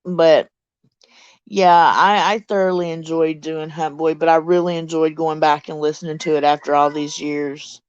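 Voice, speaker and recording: A middle-aged woman with a Deep South Mississippi accent, chatting bluntly and casually as a livestream host reading her chat. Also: steady tone, moderate pace, smooth, no echo, lo-fi sound.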